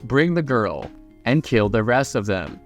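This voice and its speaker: A man's voice: medium pitch, very animated, a little slow, soft background music. A man voicing an arrogant, greedy villain, reading his lines in a sneering, bored way.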